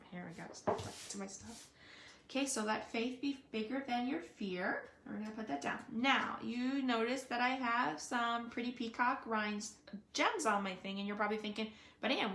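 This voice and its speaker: A woman's voice: a little high, fairly bright tone, a little hiss or hum. A woman giving a casual live card-making demonstration, chatting and thinking aloud with frequent fillers. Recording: echoey room.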